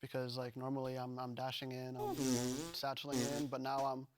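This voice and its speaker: A man answering interview questions as a pro player, in a casual, halting way with many fillers. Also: mid-range voice, completely flat delivery, very noisy. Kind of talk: post-match interview answers.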